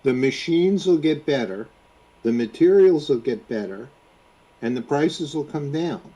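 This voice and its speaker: Casting note: a husky, mellow-voiced man making wry jokes as co-host. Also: fairly high pitch, animated, a little slow, poor audio. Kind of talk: casual livestream chat.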